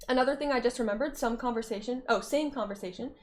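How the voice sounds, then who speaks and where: A woman's voice: on the high side, fast, few pauses. Playful young woman chatting on stream. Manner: playful, teasing, laughs often and hums or sings in snatches; reads chat messages aloud and answers them. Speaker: streamer reading chat. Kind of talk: casual livestream chat.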